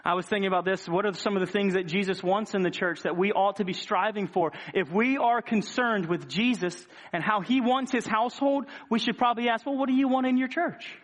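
A man's voice: sits high, a little fast, few pauses, a bit bright. A man preaching a sermon with passion, asking rhetorical questions and repeating his words as he builds each point. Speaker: pastor.

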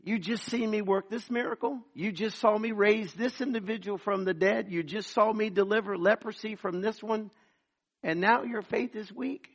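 A man with a high voice preaches to his congregation. He calls out to the people and acts out the voices of the people in his sermon. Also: normal speed. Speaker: pastor.

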